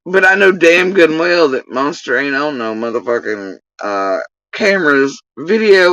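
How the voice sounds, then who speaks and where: A woman's voice: on the low side, fairly bright tone, no echo, far from the mic, muffled recording. A woman ranting heatedly on a livestream, swearing often as she vents. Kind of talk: livestream rant.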